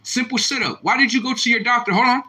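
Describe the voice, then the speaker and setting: A young man on a live stream, reacting to viewer comments in a confrontational, repetitive rant with loud outbursts. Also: very high voice, fast talker, breathy edge, low-quality recording. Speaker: livestreamer.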